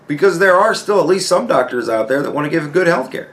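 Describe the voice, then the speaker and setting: A man's voice: a little high, expressive, fast talker, hardly any pauses, fairly bright tone. A man giving ranting personal commentary as host, exasperated and profane, firing off rhetorical questions.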